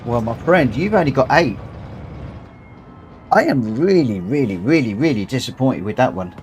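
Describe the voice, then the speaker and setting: A middle-aged man talks through his racing game live stream in an easygoing, meandering way, repeating phrases as he reads out lap times and placings. His voice sits at an ordinary, mid-range pitch for a man. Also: normal speed, a little hiss or hum. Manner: relaxed, rambling, repeats phrases, reads results aloud.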